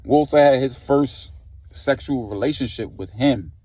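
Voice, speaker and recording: A man's voice: medium pitch, a little slow, warm tone. A man retelling a story in a casual, slangy way, leaning on "like" and "you know" as he goes. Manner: slangy, loose, heavy on filler "like".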